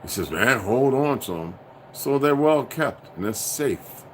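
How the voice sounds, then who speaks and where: A man hosting a casual livestream, rambling and profane, dropping from low muttering to loud outbursts. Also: lively intonation, unhurried, slight background noise. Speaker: livestream host.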